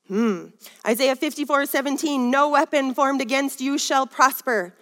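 High-voiced woman preaching in a reverberant hall. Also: moderate pace, fairly bright tone. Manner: rousing, calls for audience response. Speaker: women's Bible study teacher. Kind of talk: teaching sermon. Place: Minnesota.

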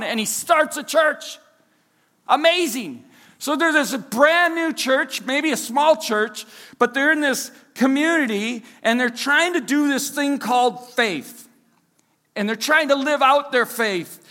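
This Minnesotan man's voice is high, pushed and bright, carrying through a large church service hall. He preaches as pastor in a relaxed, conversational manner, leaning on filler words and poking fun at himself.

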